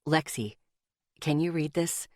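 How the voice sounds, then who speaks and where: A woman voicing an observant young man who speaks in a measured, soft-spoken way, lowering her voice for him. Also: no echo, studio quality. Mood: careful. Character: careful, observant young man, quietly firm.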